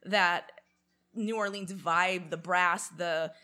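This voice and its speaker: A woman's voice: on the low side, takes it slowly. Chatty woman telling a story. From Canada. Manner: animated, many fillers, acts out quotes. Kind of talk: casual storytelling chat.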